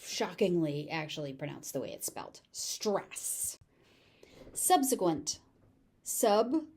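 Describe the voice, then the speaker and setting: A woman with a General American accent teaching pronunciation, repeating each word slowly and carefully. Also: sits low, sing-song, a little mellow. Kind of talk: pronunciation lesson with word drills.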